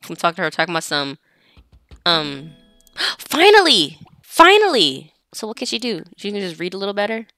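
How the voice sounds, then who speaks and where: Chatty woman gamer, bright crisp voice, dry close sound, bosses her characters around. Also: lowish voice, quick pace, no echo. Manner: chatty, talks directly to her game characters. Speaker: let's play gamer. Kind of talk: casual gameplay commentary.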